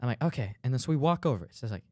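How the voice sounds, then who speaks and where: A young man co-hosting a podcast, telling stories in an animated way and acting out the people in them. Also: mid-range voice, very fast, no room sound, clean studio sound. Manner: animated storyteller, acts out dialogue, fillers like "dude". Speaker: podcast co-host. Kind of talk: casual chat.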